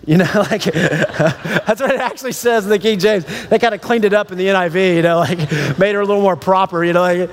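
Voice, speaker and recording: A man preaching a sermon in a loose, animated way, telling a story with laughs and acting out the people in it. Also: high voice, brisk, in a large hall. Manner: casual, animated storytelling with laughs and acted-out dialogue. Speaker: pastor.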